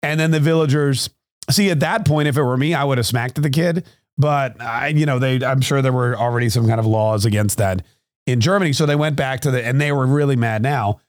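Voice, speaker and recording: A man's voice: medium pitch, a little fast, no room sound, studio quality. Rambling, sarcastic male podcast host. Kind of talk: sarcastic comic monologue.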